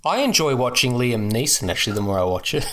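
Podcast co-host guy, thinking out loud, kinda speculative, regular mid voice. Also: mid-range voice, very animated, fast, slight background noise. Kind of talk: casual film-review chat.

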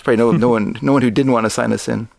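A man's voice: mid-range voice, fairly even intonation, very fast, vocal fry, noisy background. A middle-aged man co-hosting a casual film podcast, rambling and correcting himself as he goes. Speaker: podcast co-host.

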